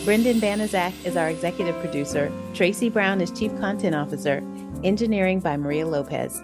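A woman's voice: fairly low pitch, a little fast, loud music behind the voice. A woman co-hosting a podcast, speaking in a reflective, dreamy way and later reading the show's credits. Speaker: podcast co-host. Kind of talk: casual chat.

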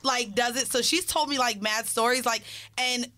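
A woman's voice: on the high side, pushed and bright. A woman co-hosting a casual chat, teasing and chiming in with slangy remarks. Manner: teasing, quick interjections, slangy. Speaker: podcast co-host.

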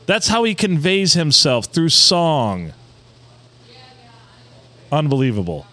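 A man's voice: fairly high pitch, huge pitch swings, slow pace, sharp tone. A man hosting a podcast, joking around in a mock-dramatic, casual way. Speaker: podcast host. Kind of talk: casual banter.

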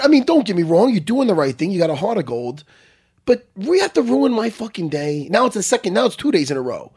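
A middle-aged man with a husky, slightly rough voice tells a story in loose, profane casual chat. His pitch swings widely as he gets worked up. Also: big pitch swings, fast talker, a little mellow.

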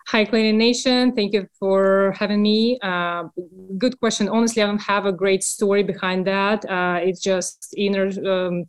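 A woman's voice: mid-range voice, fairly even intonation, normal speed, few pauses, clear, resonant tone. A woman with a Russian accent, a small-business owner speaking candidly and a little hesitantly as a podcast guest. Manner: earnest, candid, slightly hesitant. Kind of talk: podcast interview.

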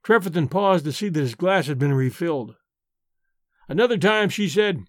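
A man narrating a story for an audiobook in a measured, deliberate way. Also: fairly high pitch, animated, dry recording, clean studio sound.

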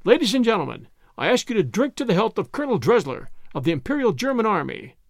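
A man voicing an excited, talkative British gentleman who proposes toasts in a hearty, rambling way. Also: high-pitched, fast, gravelly, no room sound, studio quality, pitched above the performer's own voice, heavily acted.

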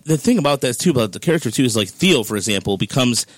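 A man talks about movie characters in a halting, rambling way. His voice sits in a middle range, recorded close and dry. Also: mid-range voice, expressive, no echo. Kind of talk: casual film discussion.

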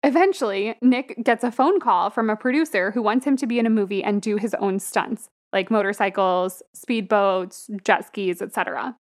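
A woman's voice: medium pitch, moderate pace, hardly any pauses. A young woman co-hosting a podcast, casually recapping a film plot and laughing often as she talks. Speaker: podcast co-host. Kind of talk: casual movie review chat.

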